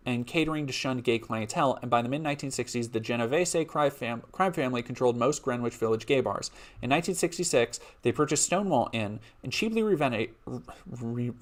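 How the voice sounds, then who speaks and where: A man streaming live reads a history script in an everyday mid-pitched voice. He breaks off often for loose, laughing asides to his chat, then returns to the reading. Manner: casual, laughing asides between read passages.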